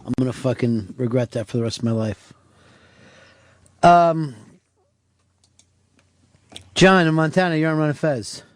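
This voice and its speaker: On a studio mic with a dry recording, a talk radio host with a medium-pitched voice jokes crudely alongside his co-host and fields calls. He speaks at a measured pace and pauses often, keeping the banter casual.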